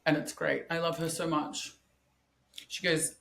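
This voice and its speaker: A man co-hosting a podcast in casual chat, recapping wrestling in an animated, profane way and laughing often. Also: fairly high pitch, slow, gravelly, pauses often. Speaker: podcast co-host.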